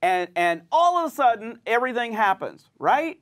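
Lively, animated male pastor. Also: very high-pitched, moderate pace. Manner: animated storyteller, acts out quoted voices. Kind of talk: sermon-style teaching conversation.

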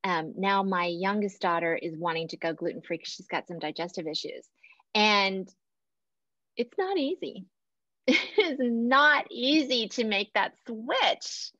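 A woman's voice: mid-range voice, expressive, a little slow, a bit bright, dry recording. Chatty podcast host woman, lo-fi. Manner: chatty, upbeat, laughs often. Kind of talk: casual interview chat. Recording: dull lo-fi sound.

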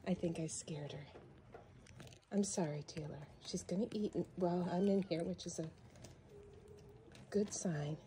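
A cat rescuer films her foster cats in a room at home full of kittens and cats, chatting in a casual vlog style. Her voice is warm, slow and fairly low, coaxing the cats with doting baby-talk that sometimes drops to a whisper. There's slight background noise.

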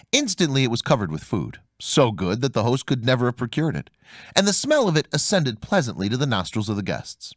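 A man narrating a fairy tale audiobook in an expressive storytelling manner. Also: medium pitch, no room sound, clean studio sound. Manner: expressive storytelling, voicing each character.

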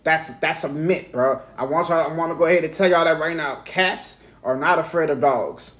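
A man's voice: on the high side, normal speed, a bit bright. Man rambling profanely in a casual reaction. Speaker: reaction video host.

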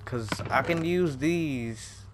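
A man's voice: fairly high pitch, takes it slowly, background noise. A man giving casual commentary over his own gameplay, jumpy and exclaiming, talking straight to the game. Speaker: gaming video creator. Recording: game music playing behind voice.

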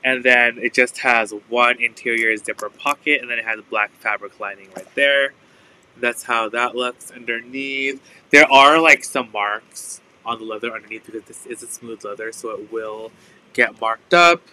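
A man's voice: medium pitch, fairly even intonation, normal speed, pushed and bright, slight background noise, rough recording. A man hosting a live resale stream, chatting casually and filling his talk with "like". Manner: chatty, full of "like" fillers. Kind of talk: casual live sales chat.

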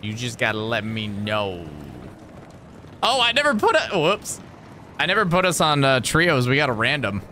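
A man's voice: medium pitch, sing-song, normal speed, sharp tone, a little hiss or hum. A man from New Jersey chatting playfully while streaming a video game. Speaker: gaming streamer. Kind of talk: casual live-stream commentary.

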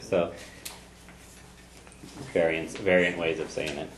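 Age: adult. Sex: man. Role: language teacher. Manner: patient, step by step. Pitch: low. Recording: echoey room. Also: normal speed, slight background noise. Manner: patient, breaks phrases down word by word. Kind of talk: teaching a group class.

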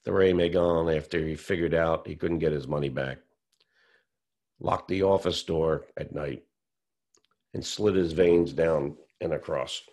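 Deep gravelly man telling a story. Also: measured pace. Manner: animated storyteller who acts out quotes. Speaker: whistleblower telling his story. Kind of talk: storytelling interview.

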